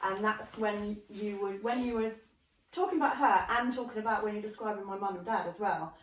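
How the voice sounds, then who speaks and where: A woman's voice: medium pitch, brisk, a little hiss or hum. A woman hosting a casual chat, reminiscing with a laugh. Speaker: host. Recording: roomy, distant mic.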